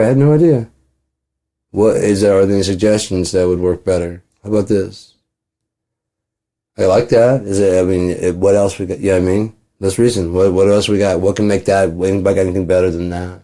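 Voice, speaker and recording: Here a channel host delivers a rambling, profane, casual monologue in a low, warm male voice, acting out both sides of imagined conversations.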